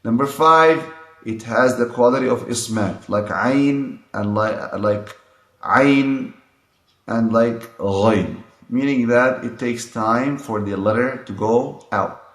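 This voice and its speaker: Slow-speaking man teaching letters. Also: medium pitch, a bit bright, echoey room. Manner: repeats sounds and phrases to demonstrate them. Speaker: Quran pronunciation teacher. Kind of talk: slow explanatory lesson with demonstrations.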